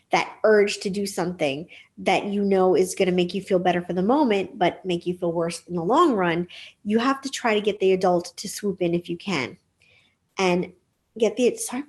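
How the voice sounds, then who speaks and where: A woman's voice: mid-range voice, darkish tone, husky. A woman who works as a psychic, giving relationship advice in a casual, reassuring livestream talk full of fillers. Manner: chatty and reassuring, with many fillers.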